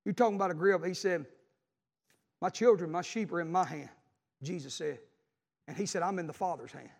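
A preacher in his forties with a high voice, delivering a sermon to his congregation. He swings from loud calls to near-whispers, and his words ring out through a reverberant church hall. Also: brisk, creaky. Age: 40s. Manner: preaching with call-and-response, swinging from loud to hushed. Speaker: pastor.

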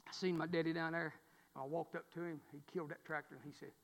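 A man, preaching a sermon through a folksy personal story that swings from loud to hushed. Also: on the high side, flat delivery, quick pace, creaky, big-room sound. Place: church.

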